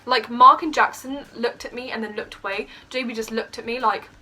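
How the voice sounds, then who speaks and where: A young woman telling a story in a casual vlog, excitable and gushing, laughing often. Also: fairly high pitch, brisk. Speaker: vlogger.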